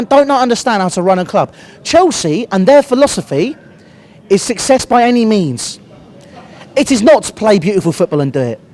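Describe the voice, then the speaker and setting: A man's voice: high-pitched, a little mellow. A young British man with a cold, ranting bluntly and passionately as a football fan reviewer, swearing often. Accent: British English. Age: young adult. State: has a cold, voice cracking. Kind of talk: heated fan rant to camera.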